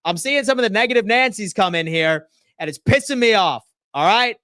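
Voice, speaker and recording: A young man hosting a live sports stream, reading viewers' chat aloud and ranting at them in a rowdy, teasing way, often swearing and swinging from loud outbursts to quiet asides. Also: sits high, lively intonation, a little fast, no room sound.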